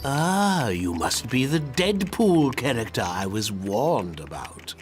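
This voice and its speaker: A man's voice: medium pitch, sing-song, slow, faint music behind. An actor playing a formal, courteous male butler with a British accent in a video game. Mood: dry.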